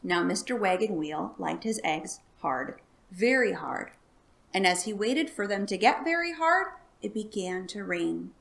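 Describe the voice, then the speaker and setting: Library storyteller, woman, calm read-aloud with a gravelly edge. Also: mid-range voice, a little slow. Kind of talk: reading a children's book aloud.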